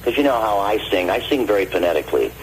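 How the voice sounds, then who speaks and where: Older male guest on a phone line, deep voice, animated storyteller. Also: quick pace. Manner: animated, acts out quoted dialogue. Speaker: guest vocalist and producer. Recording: phone call with faint noise.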